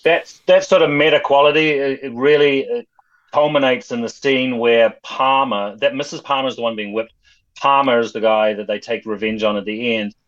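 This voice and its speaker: A man's voice: mid-range voice, fairly even intonation, normal speed, muffled recording. A man on a film podcast, rambling enthusiastically in casual discussion.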